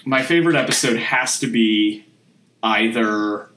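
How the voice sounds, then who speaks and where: A man's voice: mid-range voice, measured pace, a bit bright, slight background noise. A man co-hosting a casual podcast chat, bantering and laughing often. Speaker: podcast co-host. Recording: echoey room.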